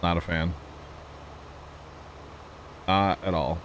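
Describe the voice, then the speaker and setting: A man's voice: low voice, steady tone, extremely slow, fairly bright tone, a little hiss or hum. A man streaming a farming game, chatting casually in a joking, wry way and talking to his chat. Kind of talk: casual chat while gaming.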